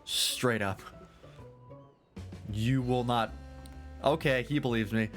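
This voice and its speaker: A man's voice: mid-range voice, slow pace, faint music behind. A man streaming a video game, making wry, joking asides in casual commentary.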